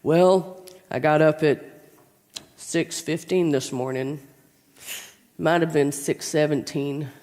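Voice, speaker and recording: A woman's voice: deep voice, steady tone, mellow. A woman voicing a tedious uncle who plods through pointless details. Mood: droning. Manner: slow, plodding, tedious. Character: dull, droning old uncle. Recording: distant voice with long hall reverb.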